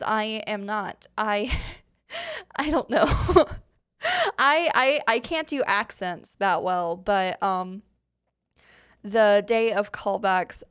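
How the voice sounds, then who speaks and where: Young woman, podcast host, loose chatty Q&A delivery, smooth clear voice. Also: mid-range voice. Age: young adult. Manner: chatty, rambling, many fillers and giggles. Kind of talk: casual Q&A chat.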